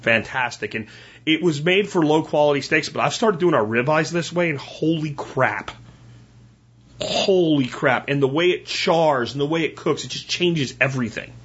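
A man with a slightly husky voice chats through home cooking ideas in a rambling, folksy way, speaking right to his listeners. The recording sounds dull and lo-fi. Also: on the high side, brisk, fairly bright tone. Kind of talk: casual cooking talk.

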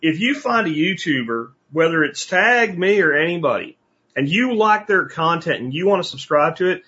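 A man hosting a podcast, chatting casually with rambling, animated asides. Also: fairly high pitch, moderate pace, slightly rough. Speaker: podcast host. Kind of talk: casual interview chat. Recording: dull lo-fi audio.

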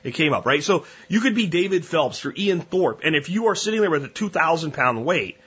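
A man's voice: a little high, animated, a little fast, a bit bright, husky, highs cut off. A man hosting a solo podcast, talking bluntly and at length through long, rambling analogies. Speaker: podcast host.

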